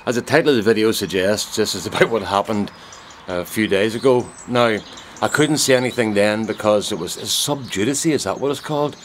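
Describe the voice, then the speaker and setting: Deadpan man telling a tale in his garden. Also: on the low side, fairly quick, slight background noise. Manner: deadpan, mock-serious. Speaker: vlogger. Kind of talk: casual comic storytelling to camera. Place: garden outdoors. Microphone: handheld camera.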